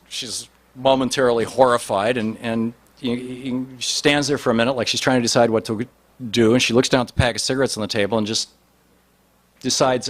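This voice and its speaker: Male storyteller, mid-pitched, rambling anecdote delivery with frequent restarts. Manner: rambling with many restarts and fillers. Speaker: speaker telling an anecdote. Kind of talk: storytelling talk.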